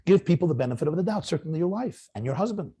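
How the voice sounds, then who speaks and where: A middle-aged man, a rabbi, lecturing young married men and acting out quoted spouses in an animated way. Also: a little high, rapid-fire, husky. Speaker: rabbi giving marriage guidance.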